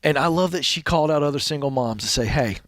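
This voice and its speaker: A man's voice: a little high, fast. A man co-hosting a radio talk show, speaking in an earnest, affirming way. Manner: earnest, affirming, telling an anecdote. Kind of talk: casual on-air talk.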